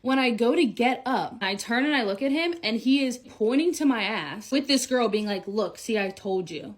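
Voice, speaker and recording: A woman's voice: fairly high pitch, animated, moderate pace. Blunt woman telling a storytime. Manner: blunt, frank, swears freely. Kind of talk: casual storytime to camera.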